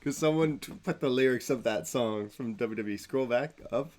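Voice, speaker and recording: A man's voice: medium pitch, moderate pace, a little mellow. A man co-hosting a live podcast stream, chatting casually and joking with frequent laughter. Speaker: podcast co-host.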